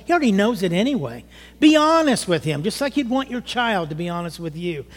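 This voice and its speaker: Older male pastor in his sixties, high voice, conversational testimony-style sermon in a reverberant church sanctuary. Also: lively intonation, fairly quick. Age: 60s. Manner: conversational, rising to emotional outbursts, asks the congregation questions. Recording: long hall reverb.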